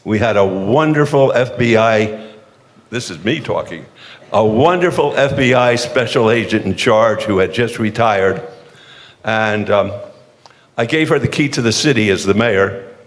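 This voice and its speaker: A man's voice: fairly low pitch, expressive, unhurried. An older man from the eastern United States, a former mayor telling self-deprecating, jokey stories on a panel, with frequent restarts. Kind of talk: humorous anecdotal storytelling on a panel. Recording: long hall reverb.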